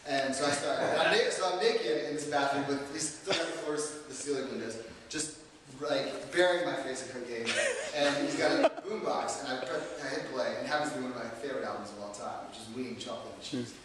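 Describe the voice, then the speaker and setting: A man's voice: mid-range voice, a little fast, few pauses, background noise. A man telling a comic story to an audience, rambling and self-deprecating, with lots of fillers. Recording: echoey hall, distant mic.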